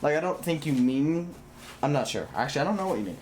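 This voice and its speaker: A man's voice: fairly high pitch, lively intonation, fast talker, a little mellow, a little hiss or hum. A young man livestreaming while he assembles a computer, chatting with viewers in a blunt, rambling way, swearing and restarting his sentences. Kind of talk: casual live stream chat while building a PC.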